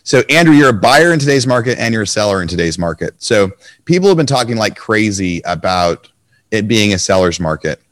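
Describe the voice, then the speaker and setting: A slightly hoarse man hosts a real estate podcast, firing off questions at a fast clip. His voice sits low, and the sound is dry and close. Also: very animated, a bit bright, dry recording. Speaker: podcast host. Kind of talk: conversational interview.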